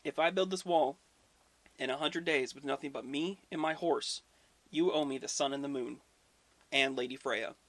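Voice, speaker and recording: A man voicing a persuasive male traveling builder who pitches his offer formally. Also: normal speed, fairly bright tone, no room sound, close to an everyday voice. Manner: formal, salesman-like.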